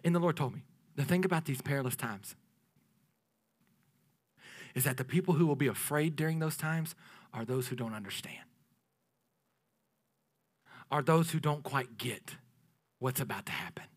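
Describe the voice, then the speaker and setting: A man preaching a sermon, lively and playful, swinging from loud declarations down to hushed near-whispers. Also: mid-range voice, moderate pace, pauses often, slightly rough. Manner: playful asides with laughter to the congregation.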